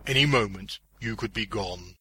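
A man voicing a weary grown man who plays a superhero, speaking earnestly and gravely. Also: fairly low pitch, normal speed, sharp tone, full character voice.

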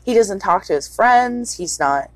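A woman co-hosting a podcast, retelling a film scene in a casual, profane, animated way. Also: medium pitch, measured pace, dry recording. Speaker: podcast co-host. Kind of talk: casual movie recap chat.

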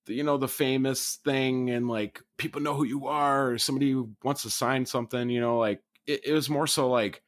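A man's voice: mid-range voice, steady tone, a little fast, hardly any pauses, no echo, studio quality. A man who used to tour, talking reflectively in a casual podcast chat, often restarting his sentences. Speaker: podcast co-host or guest, former touring musician.

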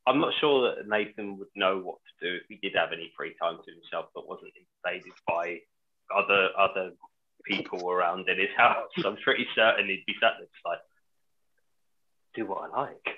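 A man telling lively stories in a casual podcast chat. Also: low voice, a little fast, narrow, tinny audio. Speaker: podcast co-host.

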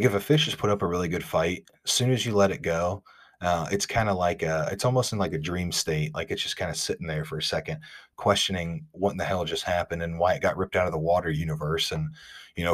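Low-voiced guy from ohio, chatty podcast host, rambles and says like a lot. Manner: rambling, animated, lots of "like". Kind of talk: casual storytelling.

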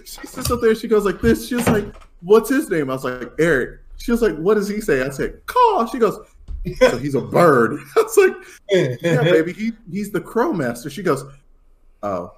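A man's voice: high voice, big pitch swings, fairly quick. A young adult man co-hosting a podcast, laughing often as he tells a story and acts out his daughter's lines. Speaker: podcast co-host. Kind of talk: casual chat, storytelling.

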